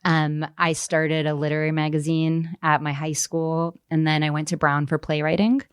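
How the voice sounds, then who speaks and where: A woman's voice: low-pitched, normal speed, clear, resonant tone, no room sound, clean studio sound. A woman in her thirties, an author guest on a podcast, speaking candidly and animatedly with frequent fillers. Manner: animated, acts out quoted voices, frequent fillers.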